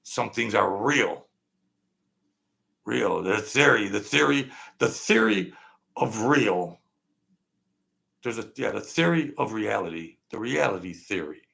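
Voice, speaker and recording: Gravelly-voiced man ranting sarcastically. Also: lowish voice, expressive, takes it slowly, pauses often, bright, forceful tone. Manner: sarcastic, mocking, repetitive. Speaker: political commentary host. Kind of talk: livestream political rant.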